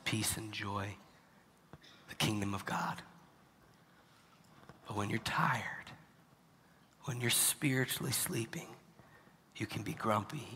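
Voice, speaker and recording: A male pastor preaching a sermon, dropping to hushed, near-whispered lines and then rising to loud, emphatic preaching. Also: on the low side, husky, long reverb tail.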